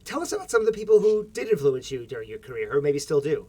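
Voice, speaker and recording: A man's voice: on the high side, very animated, quick pace, mellow. A man hosting a podcast, an eager, encouraging interviewer who draws out his guest. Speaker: podcast host. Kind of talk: casual interview.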